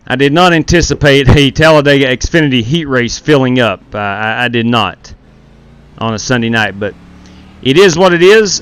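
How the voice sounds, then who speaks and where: A man's voice: fairly high pitch, a bit bright, clear, resonant tone, no room sound. A man hosting a sim racing live stream through a gaming headset, chatting casually with viewers while running the race lobby.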